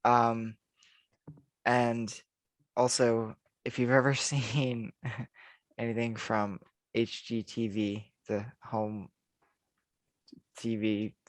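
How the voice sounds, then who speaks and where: A man's voice: medium pitch, flat delivery, very slow, pauses often, dry recording. A man co-hosting a casual podcast chat, rambling with lots of fillers and frequent laughs. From United States. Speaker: podcast co-host.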